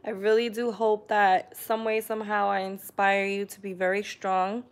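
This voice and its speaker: A woman casually chatting on a live stream, reading viewer comments aloud and often clearing her throat. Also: medium pitch, flat delivery, normal speed. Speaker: vlogger hosting a live stream.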